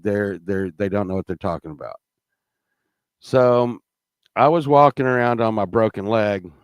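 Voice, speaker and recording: Slow, rambling man telling a story. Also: fairly low pitch, no room sound, clean studio sound. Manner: rambling, halting, full of fillers and restarts. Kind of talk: casual anecdote.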